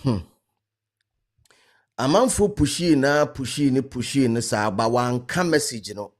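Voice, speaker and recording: A man's voice: medium pitch, measured pace. Subdued hesitant Ghanaian host man. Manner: subdued, hesitant, many fillers. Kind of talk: casual commentary.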